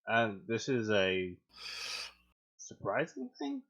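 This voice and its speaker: A man hosting a fanfiction reading show reads aloud with mocking commentary, acting out quoted lines in loud, high outbursts. He speaks slowly with huge pitch swings, and the recording is muffled.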